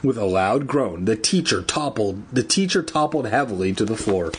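A man's voice: on the low side, animated, moderate pace, a little hiss or hum. A man reading a storybook aloud at home, with irreverent, swearing asides. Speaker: reader.

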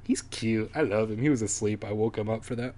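A man's voice: fairly low pitch, brisk, dark tone. A man reading a children's horror book aloud for comedy, with irreverent, swearing asides. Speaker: reader.

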